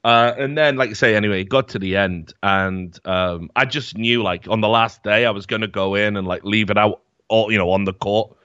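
Sweary man with a bright voice. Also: on the low side, fairly even intonation, fairly quick, smooth, no room sound. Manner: rambling, sweary storytelling with many fillers. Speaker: podcast host. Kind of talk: casual chat. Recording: slightly dull, dry mic sound.

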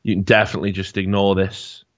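A man's voice: deep voice, level tone, fast talker, fairly bright tone, dry recording, lo-fi sound. A man hosting a podcast in casual chat, sarcastic, swearing and laughing as he talks. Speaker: podcast host.

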